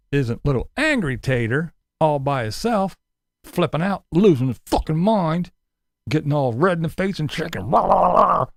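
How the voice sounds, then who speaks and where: A man's voice: fairly high pitch, dry recording, studio quality. A man giving a sarcastic, profane commentary rant as a vlogger.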